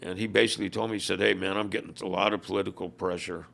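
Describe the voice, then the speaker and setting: A man's voice: sits low, flat delivery, racing, a bit bright. An older man, a former biker club leader, telling stories in an interview and acting out what people said. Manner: gravelly, acts out quoted dialogue. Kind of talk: storytelling in a podcast interview.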